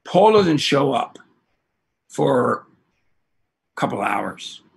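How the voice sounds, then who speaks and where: Male podcast host, husky timbre, animated pitch, profane rambling storyteller. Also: drawn-out words. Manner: excitable, profane, rambling anecdotes.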